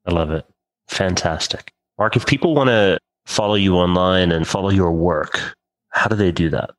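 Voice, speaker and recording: A man's voice: sits low, moderate pace, low-quality recording. A man hosting an interview, asking the guest long, thoughtful questions. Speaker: podcast host.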